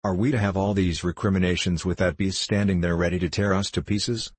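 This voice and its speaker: A man puts on a frightened young lady, wailing with indignation. The husky, low voice is dry and close. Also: steady tone, a little fast, dry recording. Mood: panicked. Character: panicky young lady, earnest and shrill.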